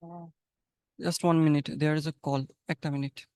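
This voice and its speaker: A man teaches English conversation over a webinar video call. His voice is high and notably clear. The sound is dry and close, and he coaches his students by repeating his points. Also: little pitch movement, a little fast, mellow, no room sound. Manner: encouraging, repeats phrases, coaching tone.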